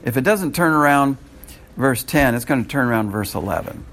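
A man teaching a Bible class, joking with the room and jumping into higher voices when he quotes people. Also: fairly quick, a little hiss or hum. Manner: animated and joking, rises high when quoting people.

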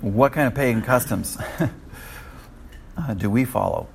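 A man's voice: medium pitch, slow, vocal fry, slight background noise. An older man teaching a Bible study in a conversational way, often restarting his sentences.

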